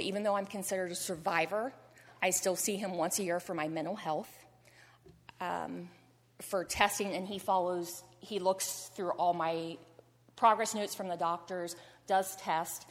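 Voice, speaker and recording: A middle-aged woman giving a heartfelt personal testimony in church, earnest and at times choked up. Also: lowish voice. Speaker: cancer survivor giving testimony. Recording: long hall reverb.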